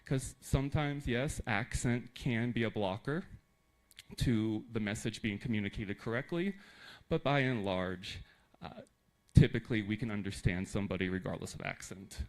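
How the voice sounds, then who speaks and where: Lively American man giving a talk. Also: on the low side, normal speed, poor audio. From United States. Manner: lively, emphatic, joking asides. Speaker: teacher trainer. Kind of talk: conference talk to teachers.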